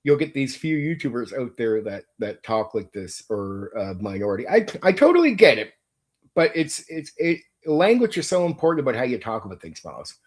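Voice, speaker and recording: A man's voice: mid-range voice, sing-song, fairly quick. Blunt, swearing man ranting. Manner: blunt, profane, repeats himself. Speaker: tabletop RPG channel host. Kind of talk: casual opinion rant to a viewer.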